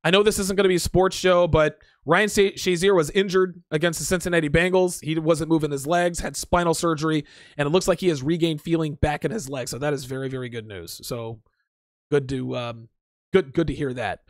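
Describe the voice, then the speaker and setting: A man's voice: on the high side, fairly even intonation, a little fast, no echo, clean studio sound. A man hosting a livestream show, talking casually in a crude, profane, blunt way as he reads viewer comments aloud and reacts to them. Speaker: podcast host.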